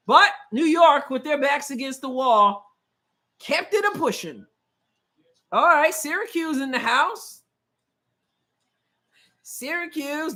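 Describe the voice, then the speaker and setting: A woman with a high voice hosts a live basketball watch-along stream. She talks casually and opinionatedly. She mixes quick play-by-play asides with reading viewer comments aloud. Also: bright, forceful tone. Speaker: show host.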